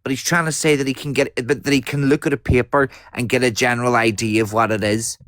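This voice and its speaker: A man's voice: mid-range voice, little pitch movement, quick pace, fairly bright tone, no room sound. A man, arguing heatedly on a live stream, swearing and talking over the others.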